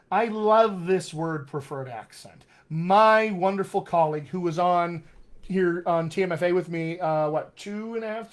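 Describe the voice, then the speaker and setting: A man teaching accents on a live stream, reading viewer comments aloud in an upbeat, chatty, encouraging way. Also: a little high. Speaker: dialect coach.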